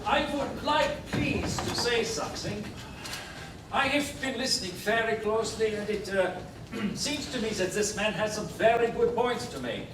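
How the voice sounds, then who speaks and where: A man's voice: high-pitched, expressive, normal speed. An actor playing a polite, precise male juror with formal, careful speech, in a 1950s film drama. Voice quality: formal, correct, hesitant. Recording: roomy film soundtrack, distant, clear hiss.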